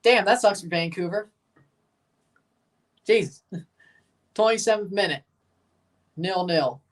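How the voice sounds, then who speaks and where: Casual watchalong host, woman, mid pitch, offhand play-by-play, off-mic sound. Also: takes it slowly, recorded from a distance. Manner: offhand, exclaims and swears at plays. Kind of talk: casual live match commentary.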